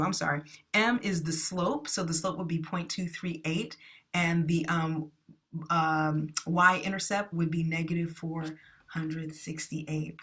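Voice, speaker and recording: A woman's voice: low-pitched, fairly even intonation, measured pace, fairly bright tone. A woman teaching math in a screencast lesson, chatty and enthusiastic, often correcting herself as she goes.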